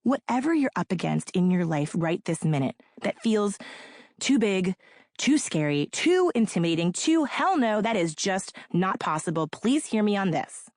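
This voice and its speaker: A woman narrating her own audiobook in an energetic, playful pep-talk manner. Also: mid-range voice, moderate pace, no echo, studio quality.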